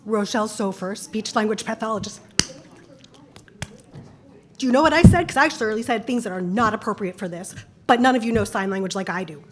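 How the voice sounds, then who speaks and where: A woman's voice: fairly high pitch, expressive, fairly quick, fairly bright tone. A woman who is a speech-language pathologist, giving an angry, blunt public comment at a school board meeting.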